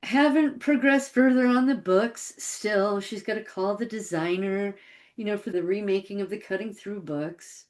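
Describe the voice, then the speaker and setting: A woman's voice: medium pitch, moderate pace, darkish tone. A middle-aged woman recounting a personal story in a casual, reflective way, often quoting what she thought and said at the time. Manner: conversational, reflective, quotes her own past thoughts.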